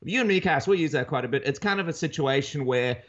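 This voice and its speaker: An Australian man co-hosting a podcast in casual chat, telling stories in an animated way with many restarts. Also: fairly high pitch. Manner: rapid, animated storytelling with frequent restarts. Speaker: podcast co-host. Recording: dull lo-fi sound.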